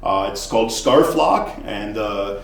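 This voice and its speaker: A man telling a comedic bar story casually, profane and swinging between loud and hushed. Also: fairly low pitch, animated, measured pace, gravelly. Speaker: podcast storyteller, former bartender. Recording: echoey room.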